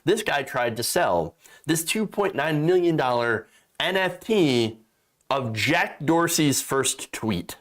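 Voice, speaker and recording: A man's voice: fairly high pitch, lively intonation, slow, fairly bright tone. A man hosting a political commentary show, sarcastic and exasperated, mocking what he reads and swearing freely.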